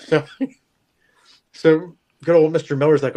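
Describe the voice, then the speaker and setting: A man's voice: fairly high pitch, fairly even intonation, normal speed, pauses often, a little mellow. A man, a show regular, telling a long self-deprecating story in casual chat, rambling and chuckling. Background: faint music.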